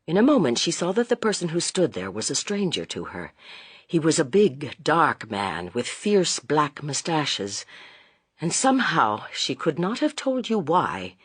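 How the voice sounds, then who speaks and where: Expressive audiobook narrator, husky and dry. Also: mid-range voice, a little slow, dry recording. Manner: dramatic, expressive reading. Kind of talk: scripted narration of a classic novel.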